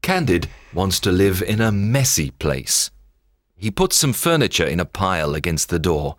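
A man narrating a children's story in a scripted, expressive read-aloud manner. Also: deep voice, moderate pace, dry recording, studio quality.

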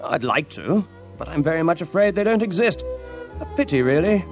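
In an audiobook drama, a man voices an idle, wine-loving Victorian lord with a jovial, posh drawl. His slightly high voice jumps about in lively leaps at a somewhat quick pace, over quiet background music.

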